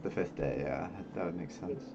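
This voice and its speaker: A man's voice: low-pitched, moderate pace, muffled recording, background noise. A man narrating as game master, loose and hesitant, full of filler words.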